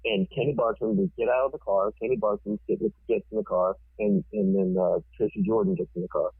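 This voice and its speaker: A forceful man tells a wild story with casual swearing. His voice is low and husky and sounds tinny, as if over a phone line. The sound is dry and close. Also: steady tone, brisk, dry recording. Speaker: TV producer, podcast guest.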